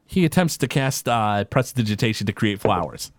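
A man's voice: lowish voice, lively intonation, a little fast, no room sound, clean studio sound. A man narrating a tabletop game as the game master, who rambles and uses many fillers.

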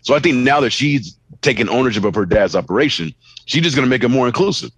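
A man's voice: medium pitch, expressive, fast, a bit bright, breathy edge, dry recording, low-quality recording. A man co-hosting a podcast in a laid-back, rambling way, saying "you know" often and swearing casually. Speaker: podcast co-host. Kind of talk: casual chat.

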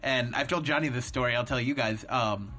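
A man with a bright, ringing voice chats on a podcast as a touring stand-up comic. He tells his stories with animation and plays the people he quotes. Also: medium pitch, fairly quick, a little hiss or hum. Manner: animated storyteller, acts out quotes. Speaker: stand-up comedian guest. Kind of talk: casual podcast chat, storytelling.

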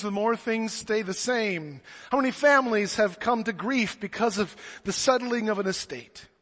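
Animated high-voiced pastor, echoey church. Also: male voice. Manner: animated storyteller who jokes. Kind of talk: sermon.

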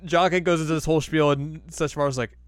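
A man's voice: fairly high pitch, flat delivery, fast talker, no echo. Casual male co-host, rambling recap with laughs, dry close mic. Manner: laughing, rambling, acts out quotes. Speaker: podcast co-host. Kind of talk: casual anime recap chat.

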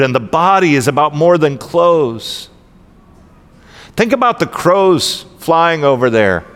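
A man reading the words of Jesus aloud in a slow, measured, gentle voice during a sermon. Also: fairly high pitch, smooth. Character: Jesus, calm gentle man teaching a crowd. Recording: long hall reverb.

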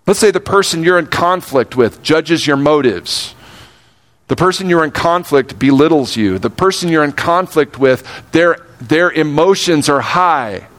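An older man preaching a sermon, earnest, slowing down to stress key words and speeding up for asides. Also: on the high side, lively intonation, a bit bright. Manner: earnest, shifts between slow emphatic phrasing and quick asides. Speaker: pastor.

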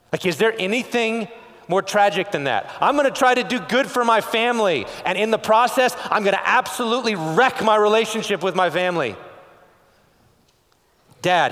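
A pastor from West Texas preaching a sermon in a conversational way, firing off rhetorical questions and checking in with "okay?". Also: male voice, fairly high pitch, fairly bright tone, in a large hall.

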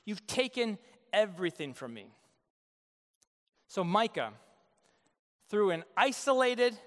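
A man's voice: high-pitched, a bit bright, long reverb tail. A male pastor preaching a sermon in a casual, joking way, acting out the quotes in his story. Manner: conversational, joking, acts out quotes.

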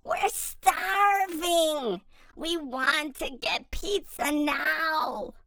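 A woman voicing a bossy, impatient boy frog in a loud, brash, excitable voice. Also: high voice, takes it slowly, no room sound, pitched above the performer's own voice, heavily acted. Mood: demanding.

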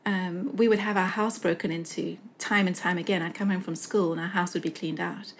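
A woman's voice: lowish voice, fairly even intonation, a little fast, a little hiss or hum. Earnest South African-raised woman, reflective. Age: young adult. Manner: reflective, earnest, with many fillers and restarts. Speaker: guest. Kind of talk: conversational interview.

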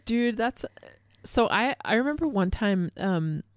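A woman's voice: fairly high pitch, lively intonation, a little slow, no room sound, clean studio sound. A woman chatting casually as a co-host, telling stories in a rambling way, correcting herself and using "like" and "dude" a lot. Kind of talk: casual chat.

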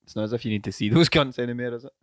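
A man's voice: mid-range voice, racing, no room sound, clean studio sound. A man trading sweary jokes in casual podcast chat. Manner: joking, sweary banter. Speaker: podcast co-host.

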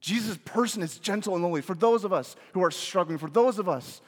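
A man preaching a sermon as pastor, rising to emphatic questions and dropping to soft, hushed phrases. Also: high-pitched, a little fast, in a large hall.

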